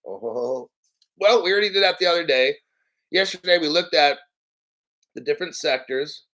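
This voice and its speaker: A high-voiced man who sounds like a crypto vlogger on his own channel rants about a news article, profane, combative and mocking. His tone is sharp and forceful at normal speed, he keeps clearing his throat between remarks, and the recording is rough.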